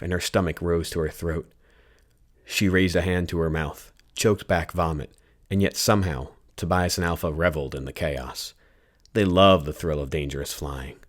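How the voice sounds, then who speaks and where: A man reading a science fiction audiobook chapter in a steady, even narration. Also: low voice.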